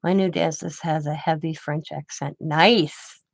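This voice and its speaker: A woman's voice: low-pitched, fairly even intonation, measured pace, vocal fry, no echo. An older woman hosting a craft channel, telling rambling personal anecdotes in casual chat and laughing often.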